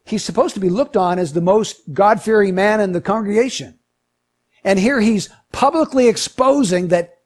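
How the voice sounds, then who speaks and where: A man preaching a sermon in an animated way, climbing to emphatic peaks and then dropping low. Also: moderate pace. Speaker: pastor.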